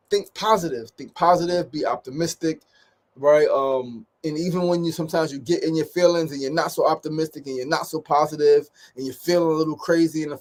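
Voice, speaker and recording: A man hosting a daily show speaks in an upbeat, encouraging way. His voice sits somewhat high. He repeats phrases for emphasis and keeps turning to the listener with "right?". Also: darkish tone. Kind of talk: motivational casual talk.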